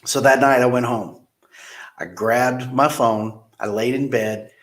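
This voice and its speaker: A man's voice: mid-range voice, slow pace, reverberant. A man who manages a car dealership, telling stories from his sales career in a casual interview and acting out the people in them. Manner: animated, acts out quoted people.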